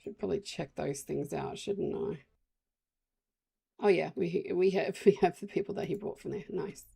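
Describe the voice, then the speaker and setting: Australian woman, game streamer, creaky gravelly voice, loose rambling chat to her viewers. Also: on the low side, normal speed, warm tone. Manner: rambling, chatty, talks to chat while playing. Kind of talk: casual live-stream chat.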